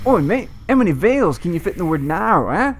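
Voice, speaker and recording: A man voicing a brash Australian bloke in a loud, mocking, exaggerated way. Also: sits high, sing-song, fairly quick, a little hiss or hum, voice pushed up.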